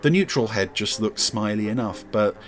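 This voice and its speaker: A man's voice: fairly low pitch, normal speed. A man hosting a podcast, giving chatty, wry watch-along commentary on an episode, with fond asides. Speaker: podcast host.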